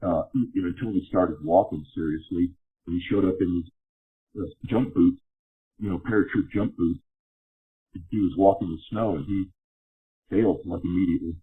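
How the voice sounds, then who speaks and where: A man talking as a podcast guest, speaking casually in halting sentences with frequent restarts. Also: deep voice, slightly rough. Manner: halting, with many restarts and fillers. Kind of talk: casual conversation. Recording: phone-line call audio.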